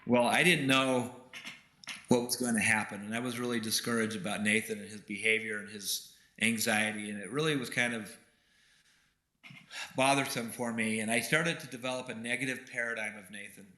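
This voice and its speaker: Male keynote speaker, bright, forceful tone, earnest storytelling, echo of a big room. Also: on the low side, fairly even intonation, normal speed. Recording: roomy hall echo.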